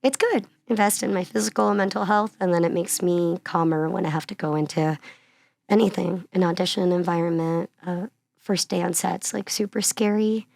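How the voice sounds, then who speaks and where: A woman from Miami, an actress guesting on an interview, telling stories in an animated, chatty way with frequent laughs. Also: lowish voice, moderate pace, gravelly, no echo. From Miami, Florida. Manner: animated storyteller, laughs often between phrases; chatty, uses many fillers like "like" and "you know". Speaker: actress and singer-songwriter guest. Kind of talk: casual conversational interview.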